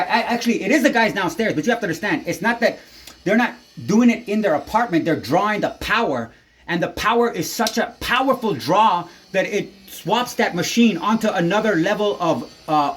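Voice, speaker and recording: With a high-pitched, animated voice and a slightly fast delivery, a tenant rants at his handheld camera while filming a neighbor. The angry vlog is full of heavy swearing and agitated rambling.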